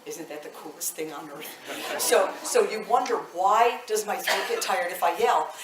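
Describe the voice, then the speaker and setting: A woman in her fifties, a voice teacher leading a live vocal workshop, chatty and animated, laughing often. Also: lowish voice, normal speed, hardly any pauses, background noise. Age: 50s. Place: indoor workshop room. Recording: echoey room, mic at a distance.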